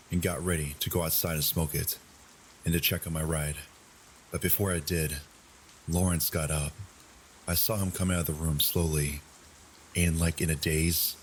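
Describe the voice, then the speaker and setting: A very deep-voiced man reads a true horror story in a measured, unhurried manner. Faint rain falls steadily in the background, adding a quiet nighttime hush. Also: slight background noise, poor audio. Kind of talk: scripted narration of a true scary story. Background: soft rain sounds.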